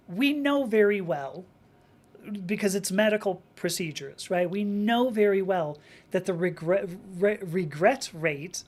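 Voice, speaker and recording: A woman hosting a live stream, talking in a rambling, animated way, reading out viewer comments and acting out little quotes as she goes. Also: medium pitch. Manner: rambling, animated, with frequent restarts and acted-out quotes.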